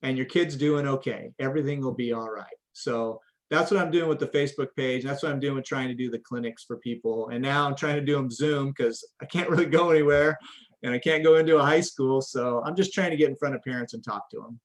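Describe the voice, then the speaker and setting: A man's voice: mid-range voice, fast talker. A middle-aged man, a coach and parent educator, answering interview questions in an earnest, conversational way and often restarting his sentences. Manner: earnest, repeats words when starting sentences.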